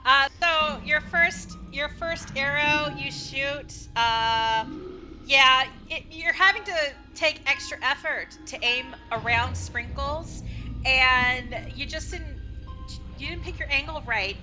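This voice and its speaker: Woman game master, high voice, chatty, lots of ums, music in the background. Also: takes it slowly, bright, forceful tone. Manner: chatty, hesitant with many fillers. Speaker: dungeon master. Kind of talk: narrating a tabletop game.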